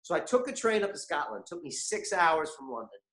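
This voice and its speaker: A man hosting a motivational online masterclass, energetic and constantly asking his viewers questions. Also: fairly high pitch, fast talker, reverberant. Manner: animated, keeps asking the chat audience questions. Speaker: webinar host.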